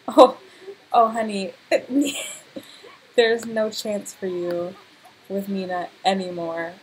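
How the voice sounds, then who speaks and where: A young woman giving casual, excitable let's-play commentary, full of gasps and laughter. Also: medium pitch, extremely slow, pauses often, a little hiss or hum, poor audio. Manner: excitable, laughing, exclamatory reactions. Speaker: gameplay commentator.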